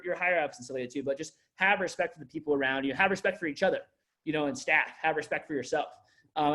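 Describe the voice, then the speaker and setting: Guy in his 30s, manager rambling at staff onboarding, lots of likes and restarts, kinda high voice. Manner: rambling, filler-heavy storytelling with frequent restarts. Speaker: district manager.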